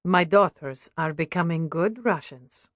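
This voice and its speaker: A reserved older mother, read by a woman narrator, speaks in short, formal sentences. Her voice sits low and dry. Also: measured pace, no echo. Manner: terse, formal speech without contractions.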